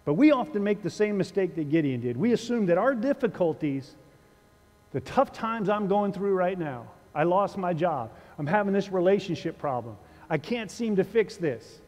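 A man's voice: high voice, darkish tone, big-room sound. A male pastor preaching a sermon in a conversational, dryly humorous way, with a sarcastic wit. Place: church sanctuary.

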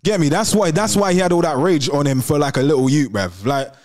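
Young co-host, rapid slangy banter, slightly high voice. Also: male voice, a little mellow. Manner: slangy, fast, ends lines with "bruv". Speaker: co-host of a call-in show. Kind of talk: casual banter.

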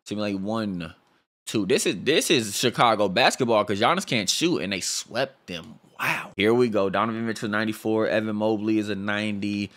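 A man's voice: lowish voice, moderate pace. Slangy young man reacting to a sim. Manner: excited, slangy, reacts loudly to results. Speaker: gaming YouTuber. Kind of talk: casual gameplay commentary.

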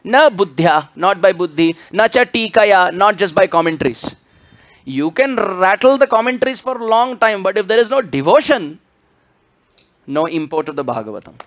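A man preaches in a lively, swooping voice that sits high for a man. He tells the story with animation and breaks into chanted scripture verses. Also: normal speed. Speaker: spiritual speaker. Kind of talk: sermon.

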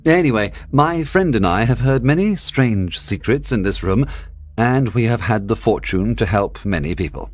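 A man voicing a confident, lively detective. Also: on the low side, normal speed, soft background music. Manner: lively, explaining with assurance. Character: brilliant male detective, confident and impatient. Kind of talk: storybook reading.

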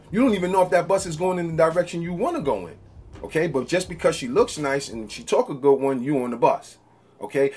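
A man's voice: fairly high pitch, breathy edge. A man giving a casual storytelling monologue about relationships, acting out quoted lines and checking in with "okay?". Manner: conversational, acts out quoted lines, frequent "okay?" check-ins. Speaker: relationship talk host.

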